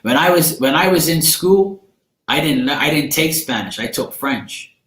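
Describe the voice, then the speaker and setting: A man's voice: on the high side, animated, moderate pace, a bit bright. Slangy Bermudian man in an echoey room. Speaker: livestream host. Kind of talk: casual livestream chat.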